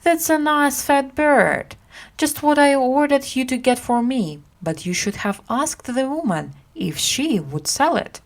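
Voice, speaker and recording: Woman reading a calm kindly knight, slow and reassuring, storybook. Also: high voice, pitched above the performer's own voice.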